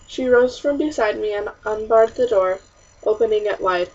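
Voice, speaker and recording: A woman narrating a first-person historical story in an expressive, diary-like reading with a husky voice. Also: mid-range voice, normal speed. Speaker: audiobook narrator. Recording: distant, muffled audiobook recording.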